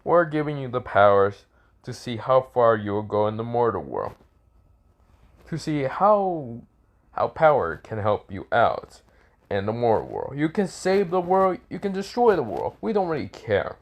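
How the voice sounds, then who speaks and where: Mighty, careless gods address a child with amused grandeur, as a man performs them. The delivery swoops high on bold declarations and drops low at the ends of phrases. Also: very animated, a little slow.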